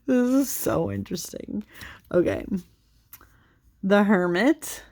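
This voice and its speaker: A young woman running a tarot channel chats casually through her cards, rambling with lots of fillers. Her mid-range voice is expressive and darkish in tone, and she speaks slowly. She giggles often and sounds tired, yawning late at night.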